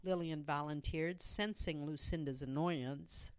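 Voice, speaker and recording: A woman narrating a story in a measured storytelling manner for an audiobook. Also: deep voice, no room sound.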